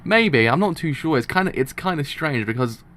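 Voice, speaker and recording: A man's voice: on the high side, lively intonation, moderate pace, a bit bright, a little hiss or hum. A man hosting a live comic reaction, chatting casually and rambling with frequent restarts and laughs. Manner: rambling, self-interrupting, laughs often.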